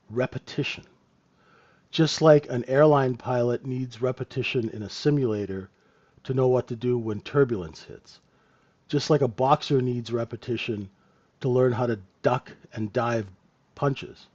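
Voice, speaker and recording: A man's voice: mid-range voice, a little slow, long pauses, darkish tone, muffled recording. A man hosting a live trading room, talking the market through in a casual, conversational way and often checking in with his listeners. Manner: conversational, repeated tag questions, chuckling asides.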